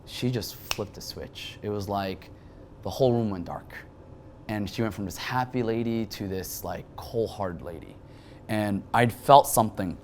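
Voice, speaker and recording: A young man with a slightly low voice tells an emotional personal story, animated and full of quick restarts. A faint hiss runs under the recording. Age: 20s. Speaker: guest.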